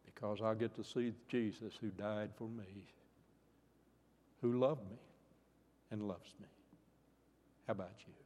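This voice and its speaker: A man's voice: fairly low pitch, steady tone, measured pace, long pauses. Older guy preaching, earnest, rises and falls, long echo like a big church hall. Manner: earnest, rising to fervent pleas then dropping soft. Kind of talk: sermon.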